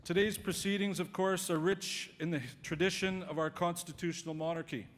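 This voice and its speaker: A man's voice: sits high, steady tone, brisk, big-room sound. A man serving as master of ceremonies, giving a polished, genial, formal address at an official ceremony. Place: hall at official residence.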